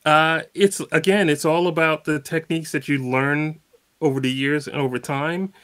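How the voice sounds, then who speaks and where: A man's voice: on the high side, steady tone, moderate pace, a bit bright, smooth. A man guest in a casual interview, explaining at an easy pace with plenty of fillers and spoken examples. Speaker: guitarist guest.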